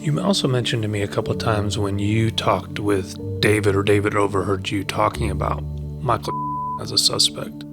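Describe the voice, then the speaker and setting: Man, gravelly low voice, interviewer, short probing questions, loud music underneath. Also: moderate pace. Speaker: podcast interviewer.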